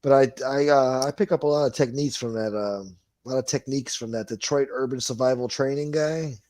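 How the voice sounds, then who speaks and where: A man's voice: medium pitch, brisk, a little mellow, dry recording. A middle-aged man, hosting a livestream and reading chat comments in a blunt, profane, rambling way. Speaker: livestream host.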